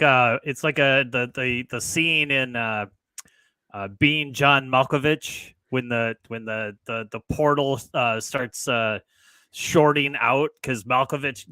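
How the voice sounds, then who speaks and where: A man co-hosting a casual chat, playful and halting, with many restarts. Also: mid-range voice, sharp tone, clear, resonant tone, no room sound. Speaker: co-host.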